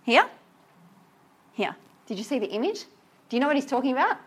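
A woman teaching a class about a poem, reading verse aloud slowly and asking her students questions with enthusiasm. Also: high-pitched, big pitch swings, slightly rough. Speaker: literature teacher.

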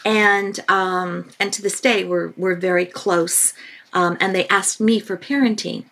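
A woman author who is a guest on a parenting podcast, telling lively stories and repeating points for emphasis. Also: mid-range voice, unhurried. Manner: animated storytelling with emphatic repetition. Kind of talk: podcast interview.

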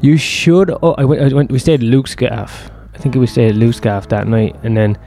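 A man's voice: mid-range voice, steady tone, moderate pace, warm tone, faint music behind. A man, telling a long personal story in a rambling, profane, self-deprecating way. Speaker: host.

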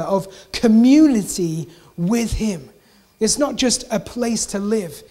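Preacher repeating lines for emphasis. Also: medium pitch. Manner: repeats key phrases for emphasis; relaxed, chatty asides. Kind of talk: conversational sermon.

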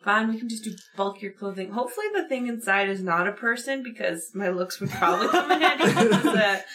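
A woman jokes her way through a tabletop game session. Her voice is bright and tense-edged, and her delivery is playful. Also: medium pitch, lively intonation, fairly quick. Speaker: player. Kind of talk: casual tabletop game play.

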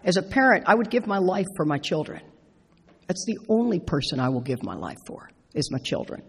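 A middle-aged woman speaking at a recovery meeting, telling stories with playful, animated asides. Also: fairly low pitch, a little fast, vocal fry, breathy edge. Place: large meeting hall. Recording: echoey hall with long reverb.

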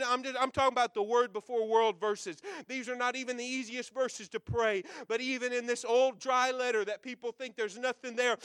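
A man preaching a sermon to young people with fervent delivery, swinging from loud urging to hushed prayer. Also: extremely high pitch, smooth, no room sound.

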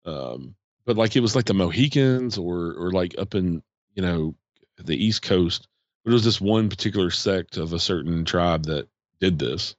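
A man's voice: low-pitched, normal speed, dry recording, dull audio. A man, chatting casually on a podcast and rambling with many fillers. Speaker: podcast host. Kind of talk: casual chat.

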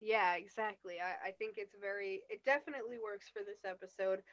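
A woman's voice: mid-range voice, fairly quick, no echo, highs cut off. A young woman co-hosting a podcast, chatting casually and relaxedly about a TV episode, giggling and using fillers. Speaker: podcast co-host.

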